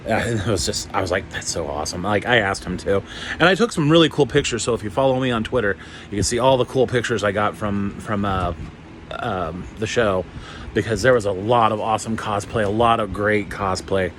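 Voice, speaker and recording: A man chatting casually in a vlog, rambling and excitable, with lots of fillers and some swearing. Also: fairly low pitch, brisk, slight background noise. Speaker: YouTuber.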